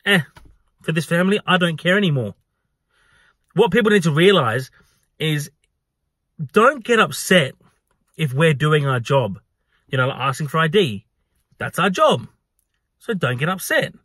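A man's voice: fairly high pitch, unhurried, pauses often, no echo. A man in casual storytelling, animatedly acting out a run-in at his work, with frequent swearing. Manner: animated, acts out exchanges with swearing. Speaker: venue staff worker telling a story.

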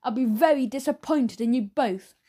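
A woman's voice: sits high, moderate pace, warm tone, slightly rough. A woman voicing a naive, timid rich schoolboy in a storybook, speaking in an earnest, uncertain way.

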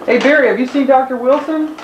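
A man's voice: very high-pitched, quick pace, highs cut off, noisy background. A young man who is a medical resident, flustered and stammering in an amateur comedy sketch. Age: young adult. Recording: echoey amateur camcorder audio.

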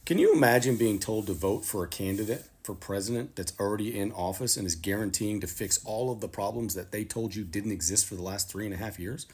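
A man's voice: lowish voice, fairly quick, few pauses, darkish tone, husky. A man giving political commentary, sarcastic, firing off rhetorical questions.

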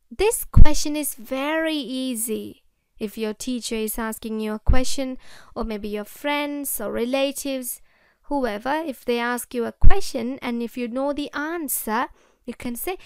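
A woman's voice: fairly high pitch, measured pace, clean tone, no echo, clean studio sound. A woman with a Sri Lankan English accent, teaching English phrases to children and repeating each example sentence. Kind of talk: slow, deliberate classroom explanation.

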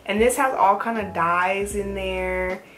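A woman's voice: medium pitch, steady tone, takes it slowly, fairly bright tone. A woman talking through a hair product review in a casual, rambling way, with chatty asides, filmed at home on a camera mic. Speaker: natural hair vlogger. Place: indoors at home.

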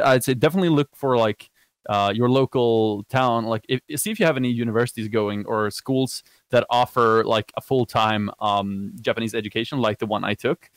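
A young man from Sweden, talking in accented English with a friendly, soft voice. He wanders through his answers with many fillers and self-corrections, and the sound is dry and close. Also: fairly low pitch, steady tone, brisk, smooth, no echo. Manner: rambling with many fillers and restarts. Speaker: guest, Japanese learner. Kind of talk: casual video call chat.

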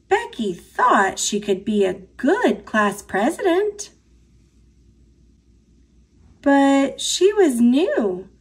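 An American woman reading picture books aloud to children, with expressive, sing-song storytelling. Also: sits high, takes it slowly, few pauses. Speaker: storybook reader. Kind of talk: picture book read-aloud.

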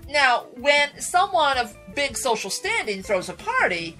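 A woman radio Bible teacher retelling a Bible story in a dramatic, animated way, speaking to listeners as folks. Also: mid-range voice, normal speed, few pauses, soft background music. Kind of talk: sermon storytelling.

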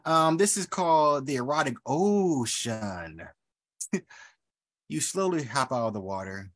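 A man's voice: mid-range voice, lively intonation, moderate pace, no room sound. Playful man poet at an open mic, rhyming banter, dry close sound. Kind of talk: rhyming poetry reading with casual asides.

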